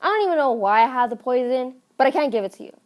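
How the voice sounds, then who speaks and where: A woman's voice: high-pitched, expressive, fast, a little mellow, pitched above the performer's own voice. A woman playing a stern male druggist. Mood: firm. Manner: firm, exasperated refusals.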